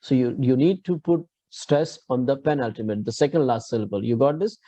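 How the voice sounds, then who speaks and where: Mellow-voiced Indian English teacher. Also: male voice, medium pitch, fairly quick, no echo. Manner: explanatory, patient, asks students to repeat. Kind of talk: classroom lecture.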